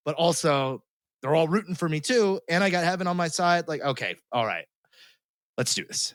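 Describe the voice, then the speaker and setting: A man's voice: a little high, expressive, moderate pace, a bit bright, no echo. A man hosting a podcast, retelling a story in casual chat, laughing often and swearing freely. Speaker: podcast host.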